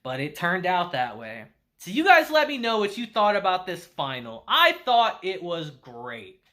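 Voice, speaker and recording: A man's voice: high voice, very animated, measured pace, sharp tone. A young man reviewing anime in a casual, chatty way, laughing often and swearing now and then.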